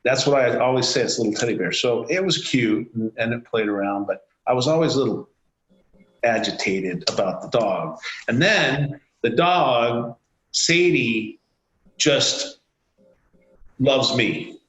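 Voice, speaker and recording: A company CEO, speaking a little slowly in a medium-pitched voice, tells an anecdote as an interview guest, animatedly acting out the quoted dialogue. The recording is reverberant and low in quality.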